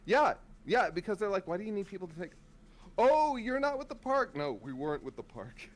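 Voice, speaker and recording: A man with a somewhat higher voice that swings widely in pitch, co-hosting a casual chat. He jumps in with animated, jokey reactions and quick asides. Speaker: co-host. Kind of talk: casual chat recounting a trip.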